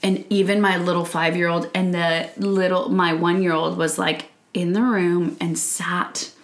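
A woman in her thirties chatting casually about faith, telling a story with lively acted-out quotes. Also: on the low side, unhurried, reverberant. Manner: animated storytelling, acts out quotes. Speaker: podcast co-host.

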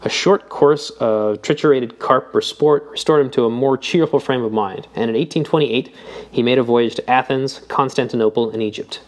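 Steady male audiobook narrator. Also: mid-range voice, moderate pace. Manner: reads steadily, lifting his voice for quoted dialogue. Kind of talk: scripted narration.

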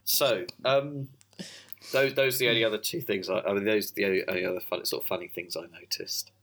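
A man's voice: on the low side, steady tone, fast, a bit bright. A man co-hosting a casual film discussion, hesitant, repeating words and laughing often.

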